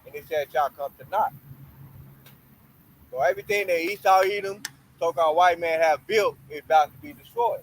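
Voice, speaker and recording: A man walks through Bible verses, reading them slowly with weight and then explaining them plainly. His voice sits a little high. Faint background noise is heard. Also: expressive, low-quality recording. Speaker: bible study teacher. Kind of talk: scripture reading and commentary.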